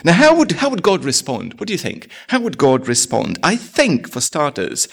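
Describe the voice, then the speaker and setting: A man's voice: a little high, huge pitch swings, normal speed, creaky, few pauses, breathy edge. A man preaching a sermon as pastor, asking his congregation rhetorical questions.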